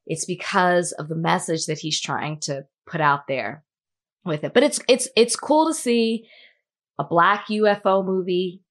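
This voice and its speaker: A woman's voice: on the low side, a little slow. A woman co-hosting a podcast in casual chat, talking in a chatty way with many fillers. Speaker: podcast co-host and entertainment interviewer.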